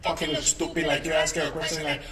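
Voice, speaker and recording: A man voicing a brash, loud woman who rants crudely about fake friends. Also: a little high, level tone, quick pace, voice pushed up, natural voice. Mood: ranting. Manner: crude, profane, shouting rant. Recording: echoey room with crowd behind.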